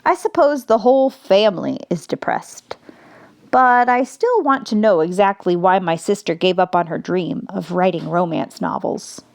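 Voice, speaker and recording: A woman narrating an audiobook in the first person, with measured, reflective delivery. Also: on the low side, animated, vocal fry, a little mellow.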